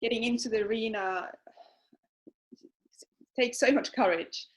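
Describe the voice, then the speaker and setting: Higher-voiced woman co-host, emphatic and reassuring, repeats stuff for weight. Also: unhurried. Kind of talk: casual reflective chat.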